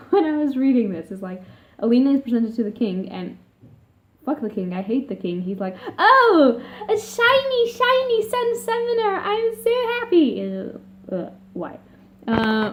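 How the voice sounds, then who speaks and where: Chatty, rambling woman on a tinny line. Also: medium pitch. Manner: rambling, chatty, swears often. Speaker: book vlogger. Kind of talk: casual vlog chat. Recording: tinny phone-like sound.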